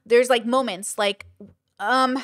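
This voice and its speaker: This online content creator speaks slowly in a fairly high-pitched voice, captured in studio quality with no echo. Chatting casually on a livestream, she thinks out loud with plenty of fillers and animatedly performs the voices of people she quotes.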